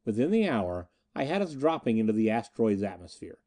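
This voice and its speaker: A male narrator reads a first-person adventure audiobook with a dramatic touch. His voice is dark and mellow, and his pitch moves freely and expressively through each sentence. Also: big pitch swings, brisk.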